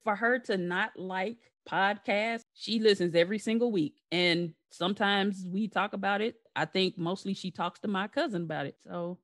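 In a mid-range voice at normal speed, with hardly any pauses, a woman hosts her own podcast and chats easily with her brother. Laughter comes often, and she wraps up with a warm sign-off.

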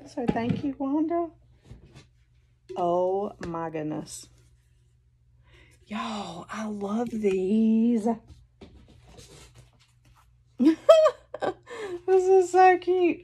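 A woman's voice: a little high, drawn-out words, long pauses, warm tone, breathy edge. A woman with a Southern US accent from North Carolina, chatting casually and gushing as she unboxes gifts at home for her vlog. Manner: gushing, exclamatory, addresses viewers as y'all. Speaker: haul vlogger. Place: indoors at home, seated in a chair. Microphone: phone.

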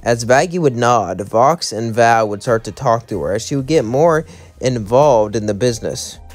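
A man tells a fan story aloud in a loose, rambling way, chaining each event to the next. His voice sits at an ordinary mid pitch. Faint music plays underneath. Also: animated, moderate pace. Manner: rambling, linking lines with "as".

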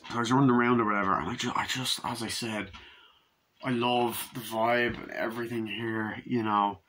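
A man doing a casual movie review, loosely retelling scenes with swearing, many ums and quick quoted lines from the characters. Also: medium pitch, steady tone, bright, forceful tone, a little hiss or hum.

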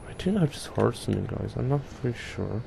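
A man's voice: medium pitch, animated, a little fast, gravelly, noisy background. A young man playing a horror game and commenting to viewers, jumpy and swearing often. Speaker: gaming youtuber. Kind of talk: let's play commentary.

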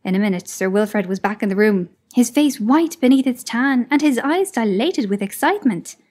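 A woman narrating a classic short story as an audiobook in a measured, expressive reading. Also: on the high side.

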